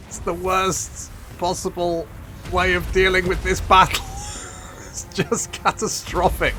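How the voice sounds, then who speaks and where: A man's voice: sits high, flat delivery, measured pace, sharp tone, soft background music. A man hosting a strategy game let's play, commenting as he plays, given to swearing and exasperated outbursts. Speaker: gaming channel host.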